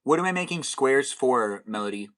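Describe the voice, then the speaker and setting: A man's voice: medium pitch, animated, normal speed, a bit bright. A man hosting a casual live stream, upbeat and playful as he directs the guests.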